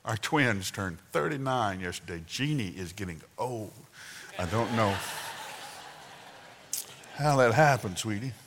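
A man in his sixties preaching a sermon, telling folksy family stories with sudden loud outbursts and soft asides. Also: fairly low pitch, lively intonation, a little slow, pauses often, background noise. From Southern United States. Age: 60s. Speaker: pastor. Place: church sanctuary. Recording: long hall reverb.

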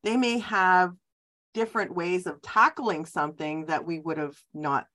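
Lower-voiced woman hosting a chat podcast. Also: a little slow, pushed and bright. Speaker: podcast host. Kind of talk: casual interview chat.

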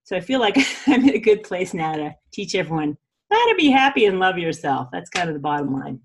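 A woman's voice: fairly low pitch, very animated, brisk, husky. A woman in a casual spiritual teaching talk, chatty, often laughing and saying "you know" and "like".

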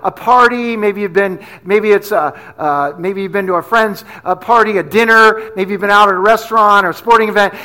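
With a high, sharp-toned voice, a middle-aged New Jersey pastor delivers his sermon like a conversation full of stories. He frequently checks in with "right?"

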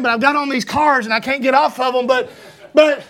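High-voiced Southern preacher rambling through stories. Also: male voice, flat delivery, brisk. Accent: Southern US, Georgia. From Georgia, US. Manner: rambling, self-deprecating, stumbling restarts, rising to shouts. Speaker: pastor. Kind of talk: sermon with personal stories.

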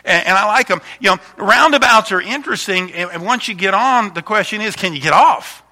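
Bright-voiced pastor telling stories. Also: male voice, high voice, expressive, fairly quick. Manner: chatty, warm storytelling with frequent restarts. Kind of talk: casual sermon with slideshow.

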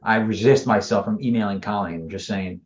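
A man's voice: fairly low pitch, brisk, dull audio, a little hiss or hum. A man co-hosting a casual podcast chat, emphatic and critical in his opinions. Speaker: podcast co-host.

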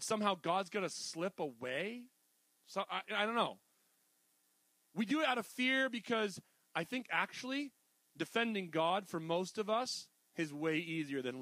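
A middle-aged man preaching a sermon in a casual, animated way, full of jokey asides. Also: sits high, dry recording. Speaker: pastor.

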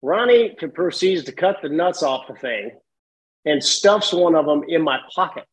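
A middle-aged man telling animated stories as a podcast guest, laughing often. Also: fairly high pitch, moderate pace, low-quality recording. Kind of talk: casual storytelling.

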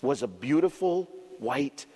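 Slow, expressive pastor telling a story. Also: male voice, mid-range voice, slightly rough, in a large hall. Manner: expressive storyteller with dramatic pauses. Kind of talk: children's sermon storytelling.

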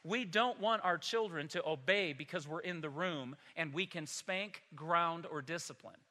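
Guy preaching in a big echoey church, high bright voice, jokey stories. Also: moderate pace. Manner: storytelling with humor, emphatic. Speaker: pastor. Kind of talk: sermon. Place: church sanctuary.

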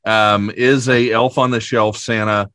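A man's voice: lowish voice, flat delivery, unhurried, fairly bright tone, clean tone, no room sound, studio quality. A man hosting a casual interview, joking easily with his guest. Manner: joking, easygoing. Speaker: podcast host.

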